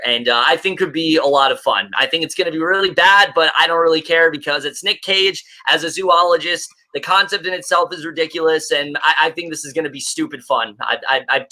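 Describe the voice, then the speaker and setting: A man's voice: on the high side, pushed and bright. A young man hosting a casual movie preview chat, gleeful and playfully defensive, swearing casually. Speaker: podcast host.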